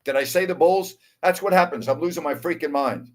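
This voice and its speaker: A man in his sixties hosting a live sports talk show, wound up and excitable, calling game action and chatting while repeating himself. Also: a little high, brisk. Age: 60s. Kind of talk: live show, chat with calls of a basketball game.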